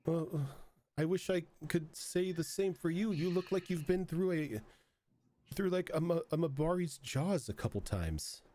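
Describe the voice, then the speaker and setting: A man voicing a haughty, self-important woman who runs a fancy bathhouse, fussy and flattering. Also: medium pitch, a little slow, a little hiss or hum, close to an everyday voice.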